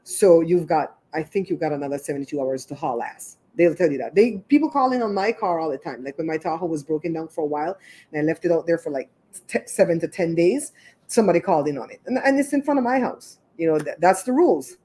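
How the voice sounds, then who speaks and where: Woman host, lowish voice, rambling chatty storyteller on a livestream. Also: lively intonation, fast, mellow, breathy edge. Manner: chatty, rambling retelling full of asides. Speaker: show host.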